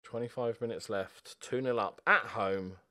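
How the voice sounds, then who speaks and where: A young man giving a football video game live commentary, excitable and sweary, moving between quiet muttering and loud outbursts. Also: fairly low pitch, unhurried. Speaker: gaming video host.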